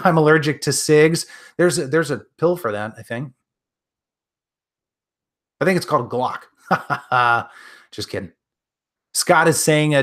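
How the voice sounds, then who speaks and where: A friendly man with a Midwestern accent, talking loosely through a live stream. His pitch sits in an ordinary middle range, and he stumbles and restarts often, filling gaps with ums and uhs. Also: fairly bright tone. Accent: Midwestern American. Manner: friendly, rambling, many fillers and restarts. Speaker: gun channel host answering live chat. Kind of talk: casual live-stream chat.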